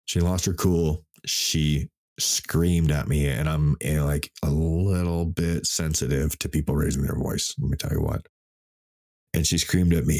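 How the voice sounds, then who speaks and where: A man in his fifties talks alone into a podcast mic from his home desk, with a very deep, low-pitched voice. He speaks candidly and emotionally about his own life. He swears freely and often stops to restart a sentence. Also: steady tone, normal speed, darkish tone. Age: 50s. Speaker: podcast host. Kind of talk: solo reflective podcast monologue. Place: home desk in front of a computer.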